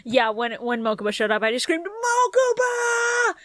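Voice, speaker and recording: A woman co-hosting a casual podcast chat, profane and quick to laugh, with animated outbursts. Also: a little high, no room sound. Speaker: podcast co-host.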